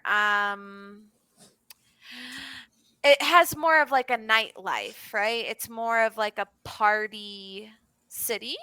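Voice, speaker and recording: A young woman tutors English over a video call, talking in a loose, chatty way full of fillers and restarts. Her voice is bright and somewhat high. The sound is dry and close. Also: clean tone, no room sound. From Florida. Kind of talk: casual online lesson chat.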